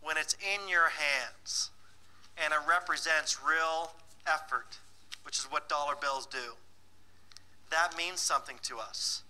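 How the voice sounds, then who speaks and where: A man's voice: on the high side, slow, bright, forceful tone, rough recording. A man presenting a live financial workshop, teasing and bossing the audience in a playful way and laughing often. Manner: laughs often between remarks.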